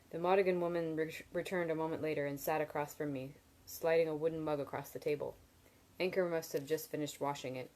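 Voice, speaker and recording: Low-voiced woman reading a novel aloud. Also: dark tone, rough recording. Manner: casual asides between reading, laughs at comments. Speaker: reader.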